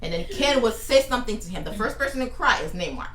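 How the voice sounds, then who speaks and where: A woman's voice: fairly high pitch, expressive, fast, fairly bright tone. A woman who co-hosts a casual talk show, a mother telling parenting stories firmly and with laughs. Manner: laughing, storytelling, firm about bedtime. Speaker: podcast co-host, mother. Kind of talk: casual chat. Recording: echoey room with faint noise.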